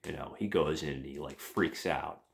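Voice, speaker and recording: A man's voice: extremely low pitch, normal speed, gravelly, a little hiss or hum. A man, a podcast host, retelling a comic book plot in a rambling, casual way with lots of fillers and swearing. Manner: rambling, profane, many fillers.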